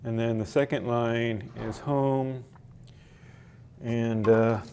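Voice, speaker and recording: A man leading a library poetry workshop, explaining sonnet form slowly with frequent fillers and restarts. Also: mid-range voice, steady tone, a little mellow, slight background noise. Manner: slow, halting explanation with many fillers and restarts. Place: library meeting room.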